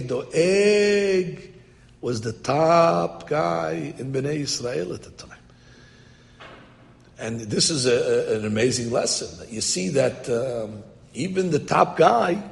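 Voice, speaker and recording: A man teaching a text-study lecture to a class, animated and translating phrases line by line. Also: on the high side, gravelly. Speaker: Torah teacher. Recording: echoey hall.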